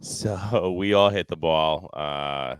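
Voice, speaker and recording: Man, deep voice, smooth, animated storytelling, dry sound. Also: takes it slowly, no echo. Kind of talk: casual storytelling.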